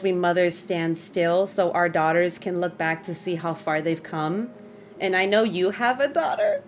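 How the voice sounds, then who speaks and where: A young adult woman streamer chatting casually with her viewers, emotional and quick to laugh. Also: lowish voice, a little hiss or hum. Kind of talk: casual live-stream chat. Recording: faint music behind.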